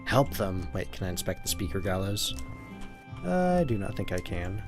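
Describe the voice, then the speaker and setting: A man's voice: deep voice, sing-song, normal speed, music in the background. A man hosting a let's play of a horror game, making wry, amused asides as he explores. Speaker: gaming channel host.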